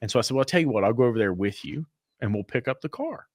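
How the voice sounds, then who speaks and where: A man co-hosts a relaxed business chat, telling stories in a voice that rises and falls a lot. He acts out the people in his anecdotes. The sound is dry and close. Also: medium pitch, rapid-fire, no room sound. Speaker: podcast co-host. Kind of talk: casual storytelling chat.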